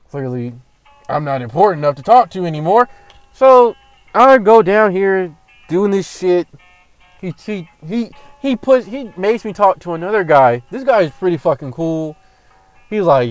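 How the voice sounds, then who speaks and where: A man's voice: fairly high pitch, moderate pace, faint music behind. A young man telling a story about his job as a casual, profane rant, acting out the people he quotes. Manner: profane, animated, restarts and acts out quoted lines.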